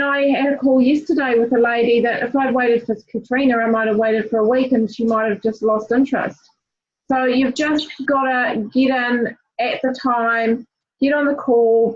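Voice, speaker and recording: A woman with a fairly high voice coaches her team on a group call. She talks directly and encouragingly, full of fillers and restarts. The audio is dull and lo-fi. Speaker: team leader.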